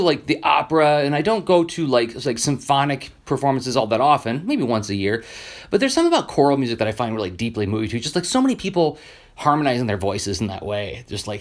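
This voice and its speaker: A man in his forties, a comic creator and podcast host, talking earnestly in a reflective solo monologue, rambling with many fillers and restarts. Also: mid-range voice.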